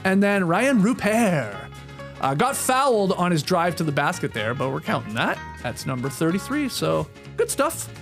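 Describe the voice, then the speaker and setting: A Canadian man hosts a casual sports podcast, upbeat and jokey. His voice sits high and swings widely in pitch as he talks. Faint music plays underneath. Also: big pitch swings, normal speed, creaky, fairly bright tone. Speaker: podcast host.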